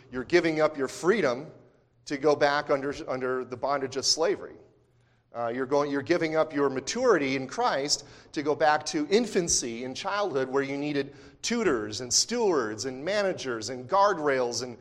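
A man preaching an expository sermon as pastor, in a conversational way with frequent fillers and restarts. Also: mid-range voice. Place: church sanctuary. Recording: long hall reverb.

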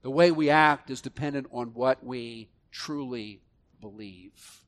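A man delivers a sermon at a middle pitch. He drops into soft, low-voiced reflection, then rises to loud, emphatic preaching. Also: a little slow. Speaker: pastor.

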